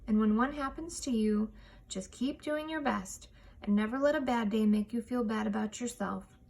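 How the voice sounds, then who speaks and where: A woman doing a gentle, loving mother. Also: fairly high pitch, moderate pace, vocal fry. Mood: soothing. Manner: soothing and comforting.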